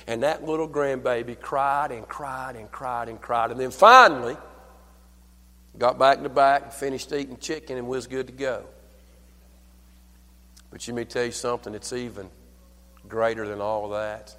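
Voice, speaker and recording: An older man preaching a sermon at a church service. He tells folksy stories, calls for amen, and swings from hushed lines to loud, fervent preaching. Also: medium pitch, steady tone, moderate pace, in a large hall. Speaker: pastor.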